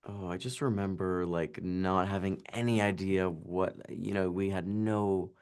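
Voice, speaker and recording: Guy in his 20s, really low and creaky voice, rambly with lots of "like", video call interview. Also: steady tone, darkish tone. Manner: chatty, halting, full of "like" and restarts. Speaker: actor interviewee. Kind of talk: casual interview chat.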